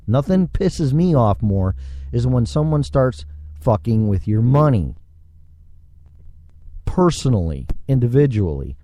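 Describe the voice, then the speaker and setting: A man's voice: medium pitch, mellow, no room sound. A man hosting a solo podcast, ranting sarcastically and swearing freely into a microphone. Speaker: podcast host. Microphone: studio microphone.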